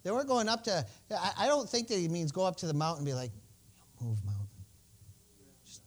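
Male pastor, high voice, folksy preacher: jokey asides, then bold loud calls to the congregation. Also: big pitch swings, very fast. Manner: folksy, joking, swings from soft asides to bold shouts. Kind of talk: sermon.

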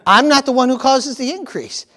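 Male pastor, very high-pitched voice, animated sermon delivery with comic panicked voices. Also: moderate pace. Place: church.

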